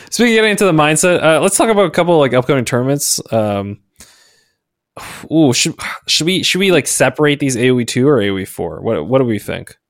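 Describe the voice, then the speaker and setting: A man's voice: medium pitch, sing-song, quick pace, no echo, clean studio sound. A man hosting a casual chat show, laughing often and hesitating with fillers. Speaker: podcast host.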